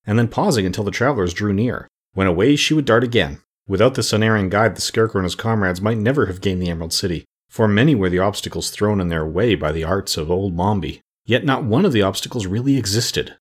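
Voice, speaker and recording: A man reading a storybook aloud in a measured, steady narration. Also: on the low side, husky. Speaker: audiobook narrator.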